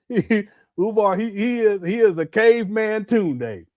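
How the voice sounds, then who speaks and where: A man hosts a live stream and comments on clips in a casual, chatty way, breaking into laughter often. His voice swings widely in pitch and sits a little high, recorded dry and close. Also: expressive, unhurried, a little mellow, no echo. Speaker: host.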